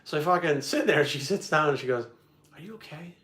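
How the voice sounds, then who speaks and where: A man telling a story in casual chat, animated and full of swearing. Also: a little high, fast talker. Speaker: video creator and host. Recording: echoey room.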